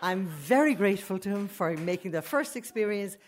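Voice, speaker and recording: A woman telling a comic personal story live, animated and full of laughing asides. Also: mid-range voice, a little fast.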